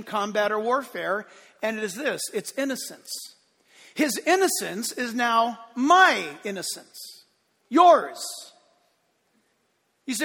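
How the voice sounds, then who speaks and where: A man preaching from the pulpit with a very high, bright, forceful voice. He hammers his points home, then drops to hushed asides. His words ring out with the long reverb of a church sanctuary. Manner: emphatic preaching, swinging between loud declarations and hushed asides. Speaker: pastor. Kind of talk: sermon.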